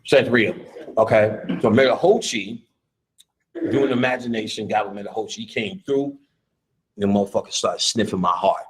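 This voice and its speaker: A man's voice: lowish voice, steady tone, normal speed, low-quality recording. A man giving a live lecture in a loose, rambling, profane way, often laughing.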